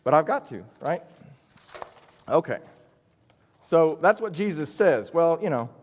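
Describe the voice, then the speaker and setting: A man teaches an adult Bible study, talking in an earnest, conversational way and often checking in with his listeners. His voice sits a little high for a man. The sound carries the long reverb of a church hall. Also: animated, a little slow. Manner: conversational, earnest, frequent "right?" check-ins.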